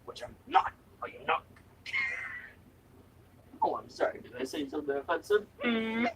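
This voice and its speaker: A young adult live streamer at home, chatting playfully with goofy noises and sudden loud outbursts. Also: medium pitch, sing-song, moderate pace, distant mic, a little hiss or hum, poor audio. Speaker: live streamer reviewing snacks. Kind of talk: silly, rambling live-stream chat. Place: indoors at home, other people upstairs.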